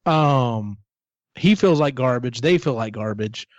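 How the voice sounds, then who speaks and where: A man's voice: mid-range voice, expressive, measured pace, dry recording. Casual male podcast host, rambling storyteller, swears a lot; dry, dull lo-fi recording. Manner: rambling retelling, swears freely. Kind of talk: casual book discussion.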